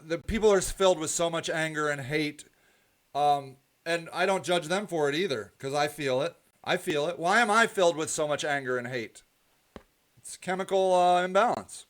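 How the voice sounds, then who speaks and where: A man hosting his own live stream, delivering a heated, repetitive monologue that drifts into soft rambling. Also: a little high. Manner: preachy, repetitive, ranting then softly rambling. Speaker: host of a live stream show.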